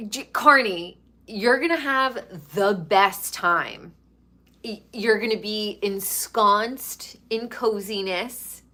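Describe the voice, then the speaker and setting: A woman's voice: mid-range voice, slow pace, sharp tone. A woman from New York chatting casually and gossipily as a pop culture commentator, drawing out her words for emphasis. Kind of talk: casual chat.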